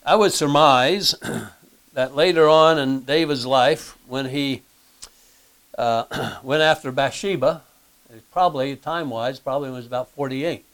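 A man preaching a sermon in a plain conversational way, often clearing his throat and putting questions to his listeners. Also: mid-range voice, measured pace, fairly bright tone. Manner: asks the listeners rhetorical questions. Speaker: pastor.

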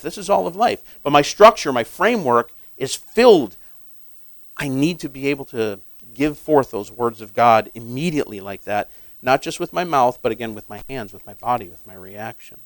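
A man preaching a sermon in a conversational way, asking his listeners questions and growing loud and emphatic on key points. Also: fairly high pitch, dry recording, rough recording. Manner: conversational, asks the audience questions; grows emphatic and loud when stressing points.

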